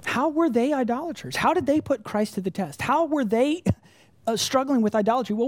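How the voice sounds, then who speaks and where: Woman preaching with a mellow voice. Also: medium pitch, no room sound. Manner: conversational, rhetorical questions, emphatic repetition. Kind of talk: sermon. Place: church congregation room.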